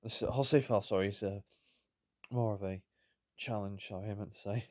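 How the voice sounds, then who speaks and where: A man's voice: fairly low pitch, fairly even intonation, normal speed, a little mellow, dry recording, studio quality. A tired man giving rambling, self-deprecating commentary on a football management game. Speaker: gaming YouTuber. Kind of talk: casual gameplay commentary.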